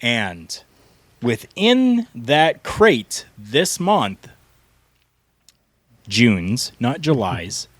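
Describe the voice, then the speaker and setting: Middle-aged male podcast co-host, slow and earnest, dry close sound. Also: mid-range voice, big pitch swings, dry recording. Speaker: podcast co-host, former pro wrestler. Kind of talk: storytelling podcast talk.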